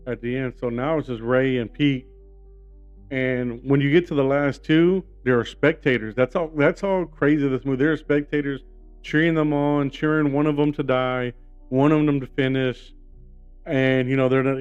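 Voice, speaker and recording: A man's voice: mid-range voice, a little mellow, clear, resonant tone, dull audio. A man giving a casual, enthusiastic movie review, rambling with lots of "you know" and "like".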